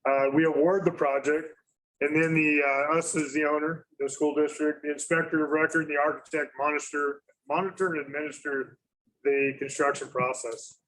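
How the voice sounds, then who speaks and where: Halting man presenting at a meeting. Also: fairly high pitch, little pitch movement, fairly bright tone, a little hiss or hum, poor audio. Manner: halting, many fillers and self-corrections. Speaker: school district facilities presenter.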